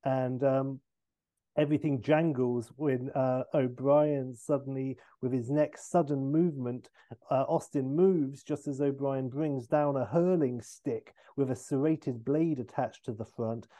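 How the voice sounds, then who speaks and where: A man on a comedy podcast narrating a comic film pitch, animated with many fillers. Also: unhurried, no room sound.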